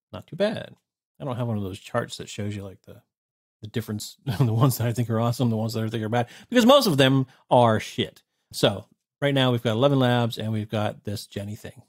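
A man in his thirties casually reviewing software, blunt and sarcastic, swearing freely. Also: mid-range voice. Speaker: tech reviewer. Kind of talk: casual screen-recorded review.

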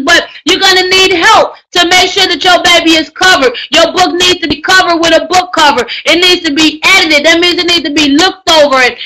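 A very high, bright-voiced woman coaching aspiring authors in a lively, sermon-like way, full of slang. She keeps raising her voice for emphasis. A faint hiss sits under the recording. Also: low-quality recording. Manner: emphatic, preachy, slangy, often shouting for emphasis. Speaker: writing coach teaching a book course. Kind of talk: energetic live class talk.

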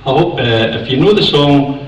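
Older Scottish comedian in an echoey theatre. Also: male voice, medium pitch, lively intonation, moderate pace, far from the mic. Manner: chatty, self-mocking storyteller. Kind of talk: stand-up comedy. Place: large theatre stage.

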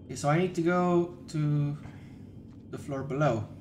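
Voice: medium pitch, normal speed, darkish tone, a little hiss or hum. Casual streamer muttering through gameplay. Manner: casual, muttering while playing, swears at scares. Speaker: streamer playing a horror game. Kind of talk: live gameplay chat.

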